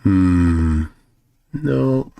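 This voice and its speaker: Low-voiced Minnesotan man live streaming. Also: lively intonation, extremely slow, vocal fry, mellow. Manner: rambling, reads chat aloud, many restarts. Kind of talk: casual live stream chat.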